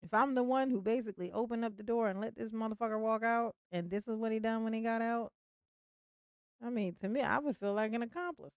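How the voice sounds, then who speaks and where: A woman's voice: on the high side, brisk, clean tone, no room sound, studio quality. A woman hosting a casual livestream commentary, chatty and swearing freely, often breaking into laughter.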